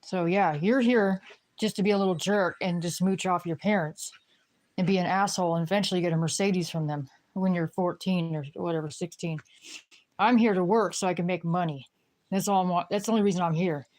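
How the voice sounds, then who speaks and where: A woman ranting casually to the camera in a somewhat low voice. She rambles and swears, circling back on herself with filler phrases. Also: a little fast, darkish tone. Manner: rambling, profane griping, lots of fillers.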